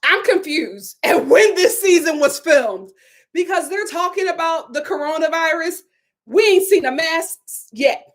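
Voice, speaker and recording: Animated high-voiced woman recapping reality TV. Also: measured pace. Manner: animated, incredulous, repeats herself for emphasis. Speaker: reality TV review host. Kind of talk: casual live recap chat.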